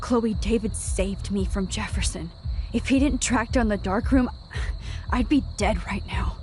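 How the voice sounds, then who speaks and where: A woman's voice: mid-range voice, measured pace, darkish tone, a little hiss or hum, close to an everyday voice. A woman voicing an anxious teenage girl who time travels, hesitant and stammering. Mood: earnest. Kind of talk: game voice acting.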